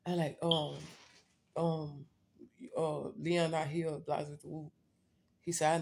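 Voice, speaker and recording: Gravelly-voiced woman telling a blunt story. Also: sits low, little pitch movement, unhurried, long pauses, darkish tone. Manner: blunt, profane and candid, addressing viewers directly. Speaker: vlogger. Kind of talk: casual personal storytelling.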